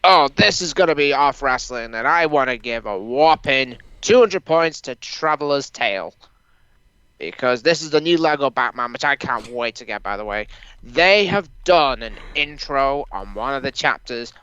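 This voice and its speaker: A man's voice: mid-range voice, sharp tone, clear, resonant tone, no room sound, muffled recording. A man co-hosting a wrestling podcast in loose, casual chat, laughing and swearing freely. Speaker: podcast co-host.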